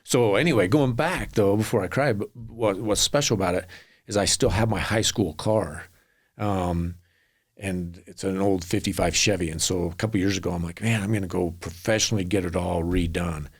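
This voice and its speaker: Low gravelly middle-aged guy, rambling earnest stories as a podcast guest. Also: fairly even intonation, normal speed. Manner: earnest, rambling anecdotes with acted quotes. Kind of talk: storytelling in a podcast interview.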